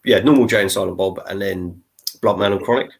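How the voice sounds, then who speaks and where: A man on a casual toy livestream, telling a collecting anecdote in a quick, chatty way. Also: deep voice, vocal fry. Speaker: toy show co-host.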